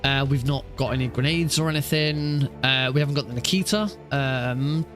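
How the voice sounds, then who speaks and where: A man's voice: mid-range voice, normal speed, fairly bright tone, faint music behind. A young man streaming a speedrun, explaining tricks in a rambling way with many fillers and restarts. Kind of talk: live stream game commentary.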